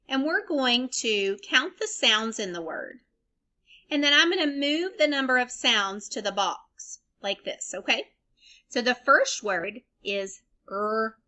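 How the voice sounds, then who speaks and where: Female elementary teacher, recorded lesson for little kids; slow, deliberate, clear spelling-out. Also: fairly high pitch, pushed and bright. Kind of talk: remote phonics lesson for young children.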